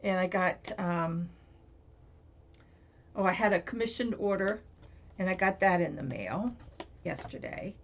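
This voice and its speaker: Chatty woman crafter with gravelly voice. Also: lowish voice, unhurried, long pauses. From Florida. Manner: rambling, chatty, many fillers and restarts. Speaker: crafting vlogger. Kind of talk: casual chat. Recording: dull lo-fi home recording.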